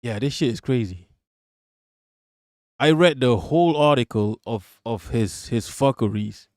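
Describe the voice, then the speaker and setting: A man's voice: mid-range voice, animated, measured pace, a little mellow, no room sound, studio quality. A man hosting a live stream, reacting to news and chatting with viewers in a profane, sarcastic way. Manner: profane, sarcastic, talks to chat. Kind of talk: casual live-stream commentary.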